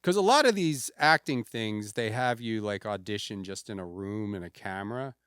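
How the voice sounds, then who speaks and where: Deadpan podcast host guy, smooth clear voice, dry close sound. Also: fairly low pitch, moderate pace, dry recording. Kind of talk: casual comedic podcast chat.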